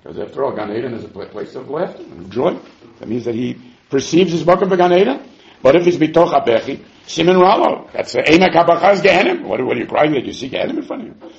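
A man teaching a Talmud class, animated, who acts out the quotes and chuckles now and then. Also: a little high, quick pace, gravelly. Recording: muffled lo-fi recording.

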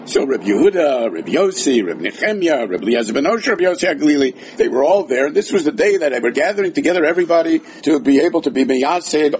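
A man's voice: mid-range voice, darkish tone, slight background noise. A man teaching a Talmud class, mixing Hebrew and Aramaic terms into his English, acting out the quoted dialogue and adding dry, wry asides. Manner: acts out the quoted dialogue with a changing voice.

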